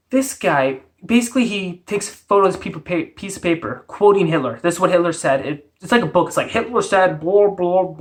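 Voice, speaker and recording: A woman from Canada, delivering a profane, exasperated, blunt rant on her vlog. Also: low-pitched. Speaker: vlogger. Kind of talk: ranting commentary vlog.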